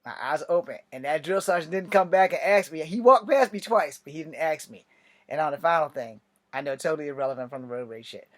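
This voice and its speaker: A man's voice: fairly high pitch, expressive, fairly quick. A man telling a loose, profane anecdote in a casual, rambling way. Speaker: storyteller.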